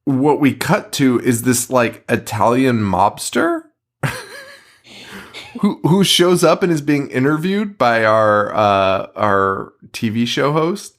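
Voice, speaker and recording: A man's voice: mid-range voice, expressive, slow. A man co-hosting a horror movie podcast, giving a profane, laughing recap in casual chat. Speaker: podcast co-host.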